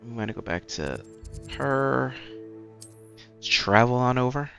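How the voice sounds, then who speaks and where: A man's voice: medium pitch, animated, a little slow, vocal fry, bright, forceful tone, soft background music. A man hosting a let's play, chatting casually and reading in-game letters aloud, self-deprecating and stumbling over words.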